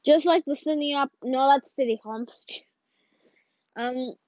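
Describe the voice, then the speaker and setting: A woman giving casual, rambling commentary while playing, excitable and mock-ranting. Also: sits high, takes it slowly, no echo. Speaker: video creator. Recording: dull lo-fi audio.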